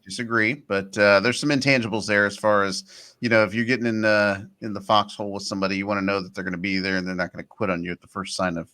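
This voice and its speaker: Brief: male podcaster, low and forceful, matter-of-fact takes. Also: steady tone, fast talker. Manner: firm, matter-of-fact opinions. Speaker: podcast co-host. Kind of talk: casual sports chat.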